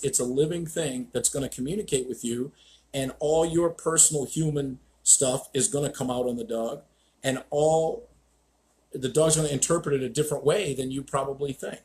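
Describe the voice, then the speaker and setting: A man's voice: mid-range voice, normal speed, a little mellow. A man hosting a live stream as a dog trainer, telling stories in a blunt, profane, ranting way.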